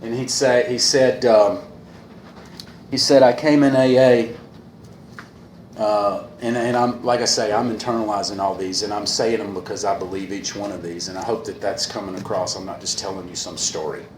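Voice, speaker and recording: A man speaking earnestly at a recovery meeting, repeating a refrain and pausing often with fillers, a little emotional. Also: fairly low pitch, steady tone. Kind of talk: personal talk at a meeting. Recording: echoey room with faint hiss.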